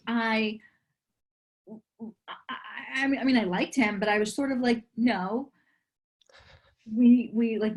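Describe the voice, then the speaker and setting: A woman with a fairly high voice talks through relationship advice as an interview guest. She is chatty and earnest and fills her speech with "like". She sounds to be in her thirties. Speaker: relationship and dating coach, guest. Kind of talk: casual podcast interview.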